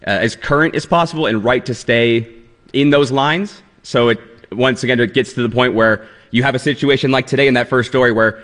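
Brief: male radio segment producer, mid pitch, chatty, filler-heavy explaining. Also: fairly quick, fairly bright tone, big-room sound. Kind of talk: casual radio banter.

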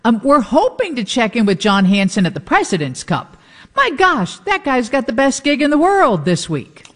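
A woman's voice: a little high, very animated, moderate pace, long reverb tail. A woman co-hosting a radio show, running upbeat through the day's guests in casual chat.

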